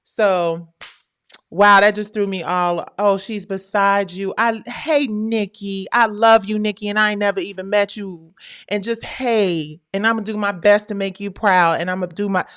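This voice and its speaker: A middle-aged woman hosting a livestream, talking in a casual, animated, slangy way. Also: medium pitch, a little slow, clean tone. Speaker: livestream host.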